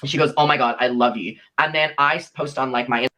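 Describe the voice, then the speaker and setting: A man's voice: mid-range voice, steady tone, fast, sharp tone. A young man recounting a personal story in a played clip, animatedly acting out the lines of the people he quotes.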